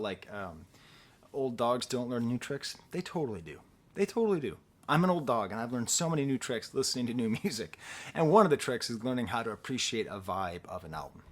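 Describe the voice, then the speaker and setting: A middle-aged man giving a casual, rambling album review, animated and quick to laugh at himself. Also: mid-range voice. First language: English. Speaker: music reviewer.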